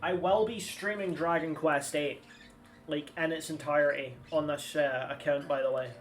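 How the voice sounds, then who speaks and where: A man's voice: on the high side, fairly even intonation, moderate pace, a bit bright. A man, giving casual, rambling gameplay commentary and swearing freely. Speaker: streamer. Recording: slightly distant mic with game music.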